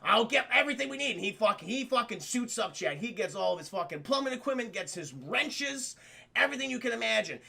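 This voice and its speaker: A young man excitedly recapping a film for his live chat, swearing freely and acting out the characters' lines. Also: high-pitched, a little fast, gravelly. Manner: profane, animated, acts out characters' lines. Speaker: streamer reviewing a film.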